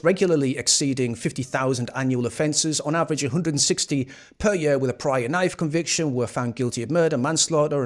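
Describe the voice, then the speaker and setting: Sarcastic man hosting a live stream. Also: a little high. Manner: sarcastic, swears often. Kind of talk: casual reaction commentary.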